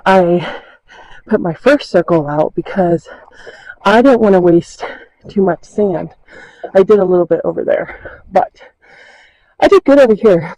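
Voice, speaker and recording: A woman's voice: fairly low pitch, warm tone, no room sound, rough recording. A woman walking around her horse paddock, chatting casually and self-deprecatingly while out of breath. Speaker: horse trainer vlogger. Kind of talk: casual outdoor vlog walkthrough.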